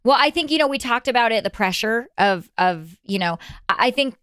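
A woman's voice: on the high side, lively intonation, brisk, a bit bright, clear, resonant tone, dry recording, studio quality. A woman appearing as a podcast guest in casual chat, upbeat and encouraging, often chiming in to agree.

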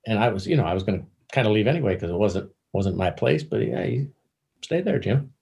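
Deep-voiced older man telling stories. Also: expressive, mellow. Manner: halting, repeats words while searching for them. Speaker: interview guest telling stories. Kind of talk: casual anecdotal storytelling.

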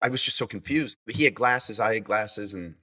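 A man telling a long personal story as a guest on a casual interview show. He acts out the voices in the story and often stops to restart his sentences. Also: lowish voice. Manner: animated anecdote, acting out quoted voices; halting, with many restarts. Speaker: podcast guest.

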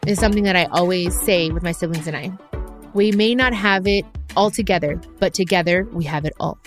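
A woman's voice: fairly low pitch, fairly quick, over music. A woman hosting her own podcast, talking in an earnest, reflective way and slipping in Spanish phrases now and then. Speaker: podcast host. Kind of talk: heartfelt personal podcast talk.

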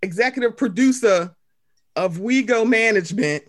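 Woman, podcast host, bright higher voice, lively, profane storyteller. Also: normal speed. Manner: animated, profane, jokey storytelling. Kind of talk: casual podcast chat.

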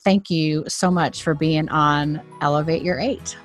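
A woman's voice: deep voice, fairly even intonation, a little slow, faint music behind. A woman hosting a podcast interview, gushing and enthusiastic, with lots of "um" fillers. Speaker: podcast host. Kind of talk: casual interview chat.

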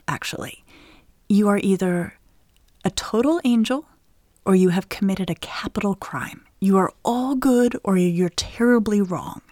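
A woman's voice: mid-range voice, dry recording. Dry-toned woman explaining child development. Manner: lively, explains plainly, often laughs. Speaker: parenting expert guest. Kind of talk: conversational explanation with anecdotes.

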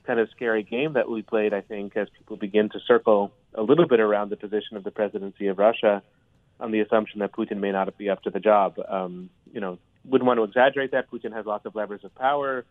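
A man's voice: fairly low pitch, steady tone, fast, no room sound. A man, a history professor, giving analysis in a radio interview with a thoughtful, hedging way of talking. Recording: tinny dry phone line.

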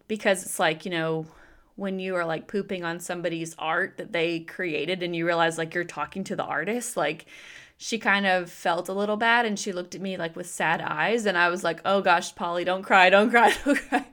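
A woman in her thirties, a faith speaker and business owner, telling a chatty personal story full of fillers that turns into an earnest, slow devotional message. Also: lowish voice, a bit bright.

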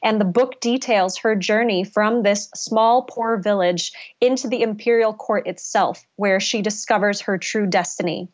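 A woman's voice: mid-range voice, moderate pace, few pauses, dull audio. A woman author answering interview questions in a casual, enthusiastic way, laughing often. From United States. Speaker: author guest.

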